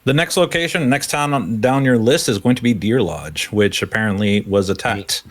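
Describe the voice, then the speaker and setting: A man's voice: medium pitch, moderate pace. A man running a tabletop role-playing game as game master, describing scenes loosely with many fillers.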